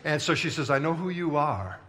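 A man's voice: on the high side, lively intonation, brisk, a bit bright. A man preaching a sermon as pastor, telling stories in a playful, conversational way and bantering with the congregation. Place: large church auditorium.

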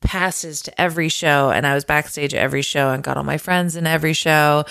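A woman musician as a podcast guest, telling excitable stories about being a fan, often laughing. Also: sits low, a little fast, gravelly, clean tone. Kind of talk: casual podcast chat.

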